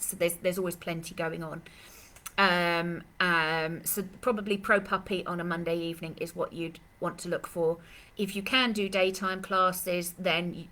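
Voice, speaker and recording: A woman's voice: lowish voice, pushed and bright. A woman dog trainer answering questions in a live Q&A, chatty and rambling, with lots of fillers and restarts, speaking. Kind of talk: live Q&A session.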